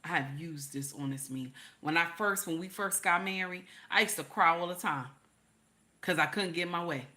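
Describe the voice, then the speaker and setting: A middle-aged woman hosts a reaction video, speaking casually but with a preacher's emphasis. She turns to her viewers again and again. Her voice is bright and forceful. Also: fairly low pitch, moderate pace.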